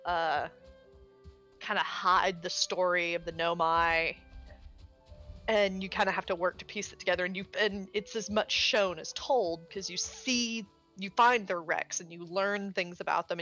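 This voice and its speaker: A woman chatting casually on a live gaming stream, expressive and full of filler words and mild swearing. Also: on the low side, normal speed, faint music behind. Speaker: streamer co-host. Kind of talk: casual chat while gaming.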